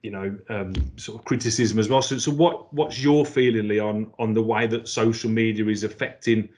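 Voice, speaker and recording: A man's voice: on the low side, fairly even intonation, normal speed, darkish tone, slight background noise. A man hosting a casual podcast, chatty and jokey, often restarting his phrases. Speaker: podcast host.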